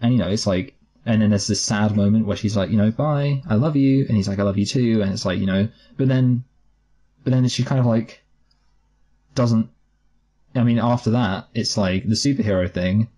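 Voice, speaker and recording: A man's voice: fairly low pitch, steady tone, normal speed, long pauses, mellow, husky. A man co-hosting a podcast, chatting casually about a film in a rambling, wry way with many restarts. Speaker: podcast co-host. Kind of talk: casual film review chat.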